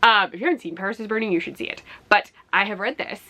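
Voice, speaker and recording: A woman's voice: mid-range voice, fast, sharp tone. A woman book vlogger chatting casually to camera in her home office, rambling with many fillers. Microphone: camera on a ledge.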